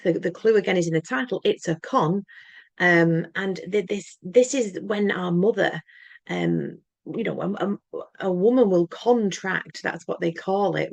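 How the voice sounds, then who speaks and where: A woman's voice: fairly low pitch, creaky, no room sound. A woman talking in an earnest, emphatic monologue to camera, rambling and often restarting her words. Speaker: channel host.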